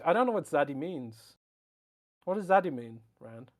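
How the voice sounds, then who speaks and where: A man on a casual podcast, reading a sponsor spot with a joking, offhand touch. His pitch sits slightly high and swoops up and down with lively range. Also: normal speed. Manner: jokey, swinging pitch, laughs through the read. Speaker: podcast co-host. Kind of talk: casual chat and live ad read. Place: traveling, on a laptop.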